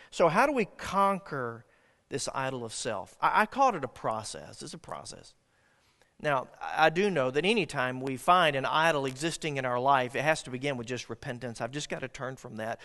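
A man's voice: fairly high pitch, fairly bright tone, big-room sound. A man preaching a sermon as pastor, earnest and dynamic, often restarting his words.

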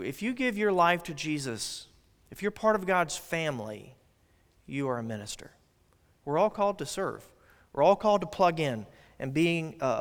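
A man preaching a Sunday sermon as pastor, rising to emphatic peaks and dropping low at phrase ends, with fillers and throat clearing. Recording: long hall reverb.

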